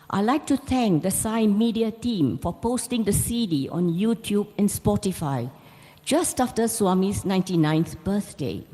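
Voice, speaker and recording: A woman's voice: medium pitch, dark tone. A middle-aged woman giving a devotional talk, telling her personal story in an earnest, storytelling way. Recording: long reverb of a large hall.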